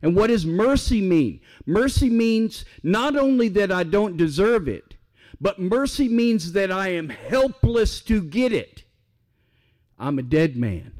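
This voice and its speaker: A man preaching a sermon in an unhurried, deliberate way. His voice sits a little higher than most men's. He keeps asking his listeners questions and then answers them himself, with real emphasis. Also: expressive, a little mellow.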